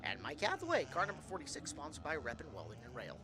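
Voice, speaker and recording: A man's voice: a little high, fast. A man commentating on a racing broadcast, hyping the next event with a joking manner. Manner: lively, joking hype. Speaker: race commentator.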